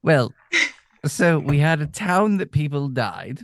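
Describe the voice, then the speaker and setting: A man playing a tabletop role-playing game, speaking in a hesitant, stammering, halting way. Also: fairly high pitch, sing-song, no room sound, studio quality. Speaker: player. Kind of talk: in-character tabletop role-play.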